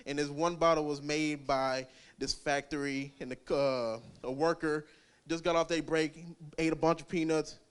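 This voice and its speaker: High-voiced man doing crude stand-up. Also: smooth. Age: young adult. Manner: crude, rambling, laughs at own jokes. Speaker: stand-up comic. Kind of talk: open mic stand-up.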